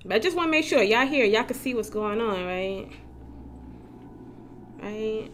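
A woman's voice: a little high, animated, measured pace, fairly bright tone, a little hiss or hum. Chatty swearing woman streaming a game. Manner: chatty, swears freely, laughs often. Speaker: gaming streamer. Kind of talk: casual live-stream chat. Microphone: desk mic with facecam.

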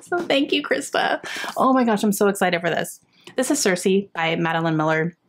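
A young adult woman in casual, excited chat as she unwraps gifts for her book vlog. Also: mid-range voice, moderate pace. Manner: excited and chatty, gasping and laughing often. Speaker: book vlogger.

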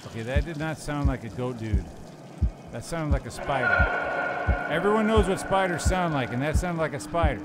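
A man's voice: on the high side, expressive, moderate pace. A man casually commenting while he plays a horror game, joking and swearing to himself. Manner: profane, joking, talks to himself. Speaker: streamer playing a horror game. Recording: loud game noise behind. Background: horror game sounds.

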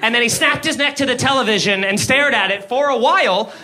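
A man doing an animated stand-up comedy set, swearing freely, laughing and shouting his punchlines. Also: extremely high pitch, brisk. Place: comedy club stage before a live audience. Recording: live club room with audience laughter.

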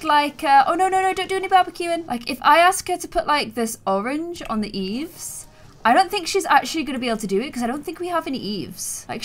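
A young woman hosting a gameplay video, chatting excitably and gasping at surprises. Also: high voice. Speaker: let's play host. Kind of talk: gameplay commentary.

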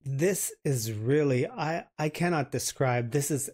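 A man hosting a reaction video, gushing and halting as he comments, often repeating his words. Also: on the high side, expressive, darkish tone.

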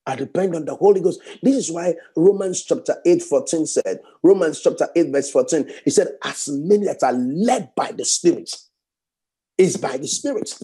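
A man preaching a sermon fervently, repeating phrases and swinging from raised exclamations to hushed prayer. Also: on the high side, lively intonation, normal speed, husky.

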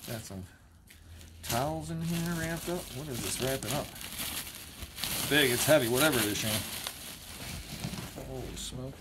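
A man, an auctioneer, giving casual, joking commentary while unboxing, with excited exclamations. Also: mid-range voice, measured pace, long pauses. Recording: noisy background with crinkling.

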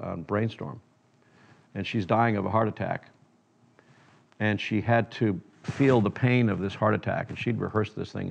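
A man's voice: on the low side, gravelly, darkish tone, slightly rough, highs cut off. An older man, a filmmaker, telling stories in a reflective interview, often quoting others in his anecdotes.

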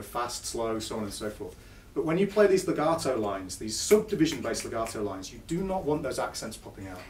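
A man's voice: medium pitch, slight background noise. A man giving a chatty, self-deprecating live guitar lesson to an audience in a music store. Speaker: guitar clinician. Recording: echoey shop recorded from far off, with guitar. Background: guitar playing between phrases.

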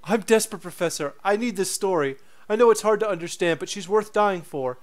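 A man's voice: sits high, brisk, natural voice. A man voicing an eager young male tabloid journalist with a put-on Cockney accent, reading game dialogue in an earnest, pleading way. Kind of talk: game dialogue read aloud.

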